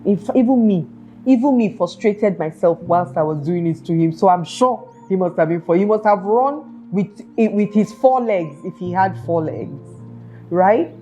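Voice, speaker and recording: A woman's voice: medium pitch, expressive, normal speed, dark tone, dull audio, faint music behind. A woman hosting a self-help talk show, earnestly asking her listeners one rhetorical question after another. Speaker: podcast host.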